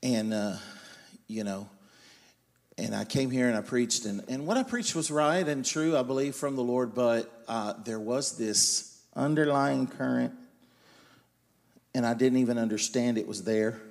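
A man preaching a sermon, swinging between loud emphatic lines and quiet confiding storytelling. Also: medium pitch, a little slow, creaky. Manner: animated, loud and emphatic, then quiet and confiding when telling his story. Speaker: guest preacher.

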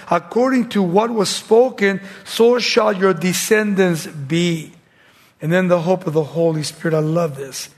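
A man giving a radio sermon closing comment, reading scripture passages aloud with rising emphasis. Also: sits high. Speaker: radio preacher.

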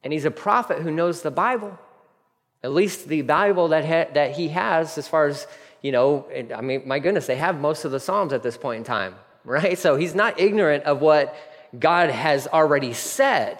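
Earnest preacher in a reverberant hall. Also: male voice, on the high side, lively intonation, moderate pace. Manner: earnest, conversational preaching with soft apologetic asides. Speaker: pastor. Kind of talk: sermon.

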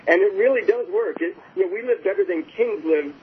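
Over a phone-like line with faint hiss, a male guest author tells anecdotes eagerly and informally, frequently starting over mid-thought. He speaks a little fast in a high voice with a breathy edge.

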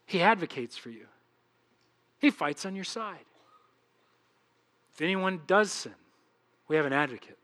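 A man preaching a sermon as pastor, animated, acting out little dialogues and swinging between loud and hushed delivery. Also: high-pitched, measured pace, pauses often.

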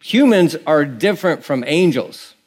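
A man's voice: a little high, lively intonation, a little slow, husky. A man preaching a sermon as pastor, talking in a loose, conversational way with many fillers and restarts.

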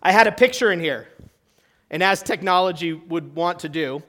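A pastor preaching to his church in a conversational way, asking the room questions and swinging between loud emphasis and quiet, hushed lines. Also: on the high side, normal speed. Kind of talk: sermon.

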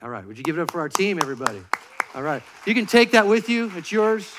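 A man preaching a sermon from a church stage to a congregation, lively and joking as he directs volunteers. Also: sits high, quick pace, some chatter behind, a little hiss or hum. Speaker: pastor.

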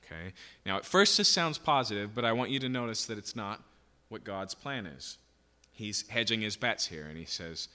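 A man's voice: on the low side, lively intonation, normal speed, sharp tone. A man teaching a Bible passage verse by verse in a conversational way, often checking in with "okay?" and "right?". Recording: long hall reverb.

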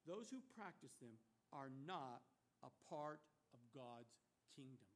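A middle-aged man preaching a sermon as pastor, emphatic, swinging from loud rhetorical questions to hushed warnings. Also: mid-range voice, animated, unhurried.

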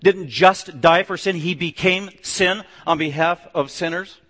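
Male pastor, higher-pitched, emphatic sermon delivery with hushed drops; long hall echo. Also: a little slow. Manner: emphatic, swings between loud declarations and low hushed stretches.

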